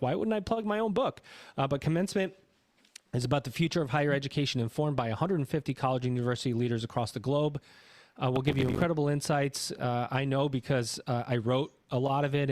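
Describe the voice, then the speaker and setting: A man with a medium-pitched, darkish voice and no echo hosts an education podcast. In this casual intro and interview he's chatty and rambling, often correcting himself mid-sentence.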